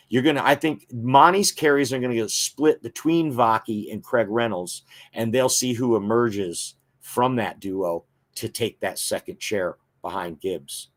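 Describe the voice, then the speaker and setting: Guy hosting a football fan show, mid pitch, chatty and opinionated, lots of uhs. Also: measured pace, few pauses. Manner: opinionated fan reading viewer comments; frequent filler words. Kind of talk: casual sports talk.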